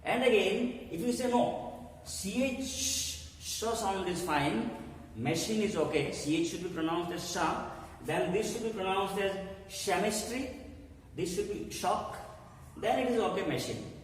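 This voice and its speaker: A man's voice: high-pitched, slight background noise. Echoey far-off male English teacher. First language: not English. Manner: deliberate, explanatory, spells out letters, frequent "uh" pauses. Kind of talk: classroom-style lesson.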